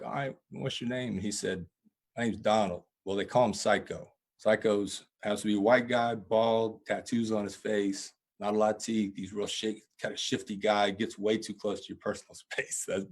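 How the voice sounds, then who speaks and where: A man, a preacher and guest, telling earnest stories in an interview answer. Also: on the low side. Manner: earnest, animated storytelling with laughs.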